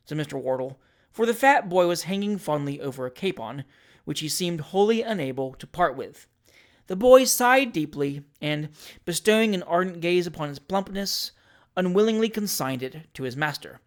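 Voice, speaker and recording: A measured storyteller reading a classic novel aloud for a podcast. The delivery is even and wry, with steady, scripted pacing. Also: medium pitch. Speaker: audiobook narrator.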